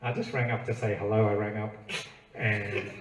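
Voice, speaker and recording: An Australian singer-songwriter telling a rambling, self-amused comic story to a live audience in a small bookstore. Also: male voice, on the low side, level tone, normal speed. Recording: roomy, distant live recording with faint ambience.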